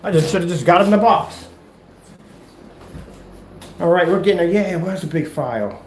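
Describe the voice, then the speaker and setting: A man hosting a casual DIY vlog. His voice is fairly high, and his delivery is chatty and rambling. The room is echoey. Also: lively intonation, normal speed. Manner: rambling, chatty, self-correcting. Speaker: maker of projection screen paint. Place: indoors at home. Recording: roomy echo, faint noise.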